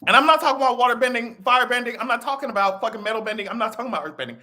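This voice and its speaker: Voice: mid-range voice, racing, hardly any pauses. A live-stream commentator talking casually, swearing freely and laughing often. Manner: profane, animated, laughs often.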